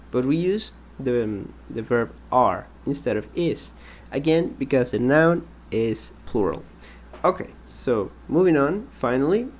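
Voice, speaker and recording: A man teaching an English grammar lesson, patient and explanatory, repeating example sentences and pausing with ums. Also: mid-range voice, a little mellow, slight background noise.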